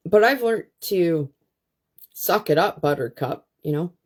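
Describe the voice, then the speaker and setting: A blunt, foul-mouthed woman talks straight to her viewers over a phone livestream. Her pitch leaps all over the place while she takes her time with the words. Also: expressive, a little slow, a little mellow, husky. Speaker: livestream host. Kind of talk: profane ranting livestream monologue.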